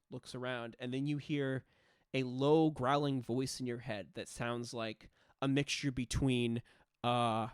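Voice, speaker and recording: A man narrates a tabletop role-playing game as game master, describing each scene at length and pausing on filler sounds. His voice is medium-pitched. The sound is dry and close, with no room echo. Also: clear, resonant tone.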